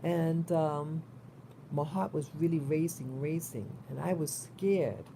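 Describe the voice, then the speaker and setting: Vlogger: New woman, warm, mellow voice, concerned, rambling delivery with frequent restarts. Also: sits low, slow pace, a little hiss or hum. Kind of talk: casual spoken monologue.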